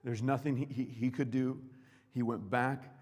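A man preaching a sermon with passion, swinging between loud declarations and hushed asides. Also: medium pitch, fairly even intonation, moderate pace, breathy edge. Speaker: pastor. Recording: long reverb hall.

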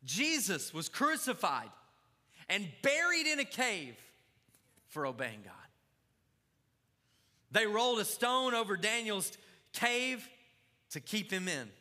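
A man's voice: high-pitched, huge pitch swings, slow pace, pauses often, bright, forceful tone. A male pastor preaching a fervent sermon to his congregation, calling out to the crowd. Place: church sanctuary. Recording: long church reverb.

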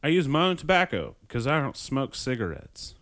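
A man hosting a podcast in casual chat, joking crudely with frequent swearing and halting restarts. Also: medium pitch, very animated, fairly bright tone. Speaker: podcast host.

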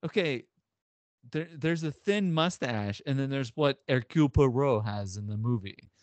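A man's voice: medium pitch, animated, normal speed, no echo. A man co-hosting a casual podcast chat, dry, skeptical and stubborn. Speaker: podcast co-host.

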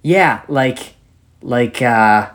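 A man's voice: mid-range voice, expressive, very slow, a bit bright. A young man co-hosting a podcast in casual chat, opinionated and rambling with lots of fillers. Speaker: podcast co-host.

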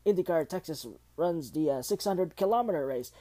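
Amateur male news host, mellow and relaxed, halting and rambling delivery full of restarts. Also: on the high side. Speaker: host of a homemade news show. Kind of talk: casual news roundup.

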